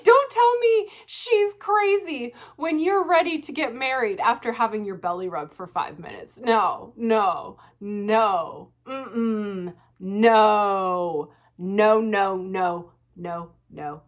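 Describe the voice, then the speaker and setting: A woman vlogging her casual reaction commentary, animated and laughing often, with frequent swearing. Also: medium pitch, slow pace.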